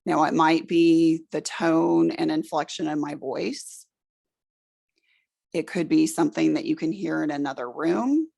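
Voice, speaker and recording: A middle-aged woman leading a room through a guided relaxation exercise, giving slow, soothing instructions. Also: sits low, creaky, darkish tone. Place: presentation room with an audience.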